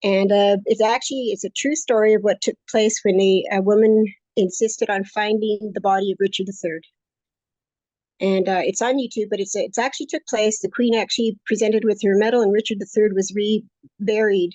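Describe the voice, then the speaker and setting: A woman's voice: mid-range voice, steady tone, normal speed, mellow, dry recording. Woman, late 60s, upbeat rambling interviewee; dry, slightly dull recording. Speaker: course student interviewee. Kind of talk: casual interview conversation.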